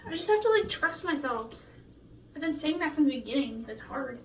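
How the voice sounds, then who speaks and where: A young woman, a singer-songwriter, chatting excitedly and rambling with lots of filler words during a vocal recording session vlog. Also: sits high, brisk, a little hiss or hum. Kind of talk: behind-the-scenes vlog commentary. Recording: echoey room heard from a distance.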